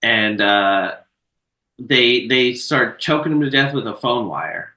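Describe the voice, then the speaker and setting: A man co-hosting a podcast recaps a film in a loose, profane storytelling style. His voice is bright and forward. He sits a little back from the mic, and the room around him is echoey. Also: medium pitch, expressive, slow, distant mic. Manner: laid-back, profane storytelling with filler words. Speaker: podcast co-host. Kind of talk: casual chat recapping a film.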